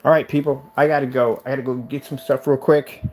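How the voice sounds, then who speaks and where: Excited man, casual vlogger, veers into fervent preaching, mid-pitched voice. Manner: fast, excited, with religious exhortation. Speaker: vlogger showing his studio build.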